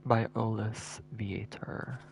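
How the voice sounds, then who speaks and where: A man's voice: fairly low pitch, steady tone, takes it slowly, gravelly, noisy background. A male streamer giving casual gameplay commentary, thinking aloud and repeating words as he works things out.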